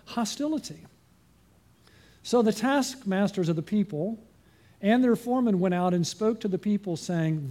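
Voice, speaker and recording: A man's voice: sits high, animated, normal speed, dark tone. Older man preaching, asking the room questions. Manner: asks the congregation questions. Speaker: pastor. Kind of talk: sermon.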